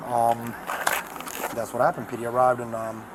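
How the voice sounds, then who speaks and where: A man's voice: medium pitch, monotone, normal speed. A man, a police officer, briefs a colleague outdoors in a matter-of-fact way. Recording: body cam audio with street noise.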